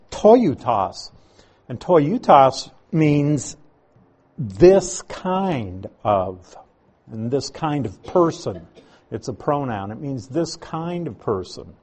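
A man's voice: fairly high pitch, mellow, husky. A man teaching a Bible passage, reading verses aloud and explaining Greek words.

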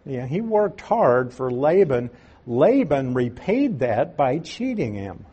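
A man's voice: medium pitch, sing-song, slow, dark tone, slightly rough, muffled recording. A man reading a scripture passage aloud and then explaining it verse by verse in a conversational teaching style, with folksy asides. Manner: homespun asides. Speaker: Bible teacher.

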